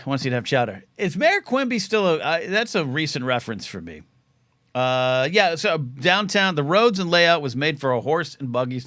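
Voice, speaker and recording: A man's voice: fairly high pitch, a bit bright, no room sound, clean studio sound. A man hosting a live call-in talk show, rambling casually and often restarting his sentences. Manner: rambling, self-interrupting. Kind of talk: casual livestream chat.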